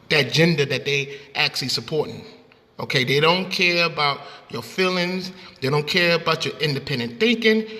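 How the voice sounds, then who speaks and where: A man's voice: on the high side, bright, forceful tone, big-room sound. A man hosting a casual debate who keeps pressing to finish his point, repeating "bro" and "you see.". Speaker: host.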